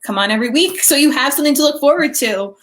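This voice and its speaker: A young woman co-hosting a casual live stream chat, gushing and excitable, with lots of "like" fillers. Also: high-pitched, fast.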